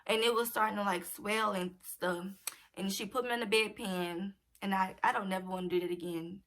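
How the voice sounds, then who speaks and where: Young adult woman vlogger, bright and tense tone, chatty storyteller who performs every quote. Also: medium pitch, normal speed. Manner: animated, acts out quoted dialogue. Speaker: vlogger telling a personal story. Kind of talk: casual storytime chat.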